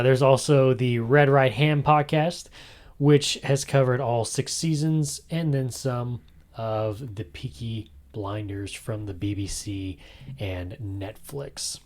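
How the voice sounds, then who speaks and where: A man hosting a laid-back podcast, talking in a jokey, animated way. He keeps slipping into quiet whispered asides between louder bursts. His pitch sits in an ordinary middle range for a man. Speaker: podcast host. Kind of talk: casual podcast chat.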